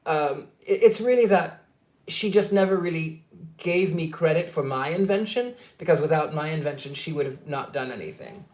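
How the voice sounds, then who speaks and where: A man's voice: moderate pace, lightly acted. A man voicing the ghost of a dead male inventor who gossips catty remarks and whines about not getting credit. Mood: aggrieved. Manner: catty gossip turning to high whiny complaints. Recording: roomy echo.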